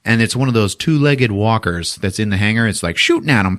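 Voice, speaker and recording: A man hosting a podcast, retelling a film in a casual, profane and animated way. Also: fairly low pitch, fairly quick. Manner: animated, swears often, acts out quotes in silly voices. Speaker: podcast host recapping a film. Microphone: podcast mic.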